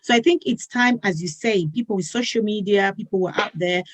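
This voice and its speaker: A woman hosting a talk show speaks at an ordinary middle pitch, earnest and persuasive. She often repeats a word or phrase as she builds toward her point. The recording is dry and close, with no room sound. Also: brisk, dry recording, low-quality recording.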